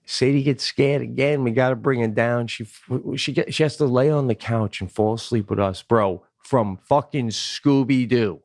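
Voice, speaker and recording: A man co-hosts a podcast in casual chat, telling stories with animated indignation and frequent swearing. His voice has a gravelly rasp, and the recording is dry and close with no room sound. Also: medium pitch, moderate pace, hardly any pauses, no echo. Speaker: podcast co-host.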